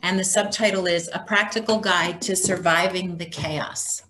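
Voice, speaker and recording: A woman's voice: lowish voice, fairly even intonation, moderate pace, bright, forceful tone, slight background noise. A woman hosting a casual book talk for a small group, reading blurbs aloud with wry asides.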